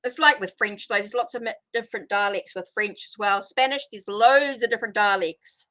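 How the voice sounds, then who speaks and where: A woman's voice: medium pitch, brisk, sharp tone. A middle-aged woman hosting a casual live tarot stream, rambling as she greets viewers and answers their comments. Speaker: tarot reader hosting a livestream.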